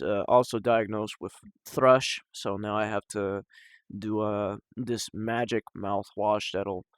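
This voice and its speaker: A young man talking casually and personally to the camera at home, halting and emotional, with sighs and restarts. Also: fairly low pitch, no echo, clean studio sound. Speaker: vlogger.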